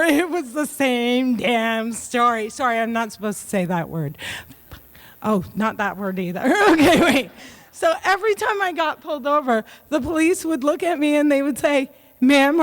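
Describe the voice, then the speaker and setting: A woman giving a comedic keynote speech, joking and self-mocking with quick punchlines. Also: high voice, expressive. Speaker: keynote speaker.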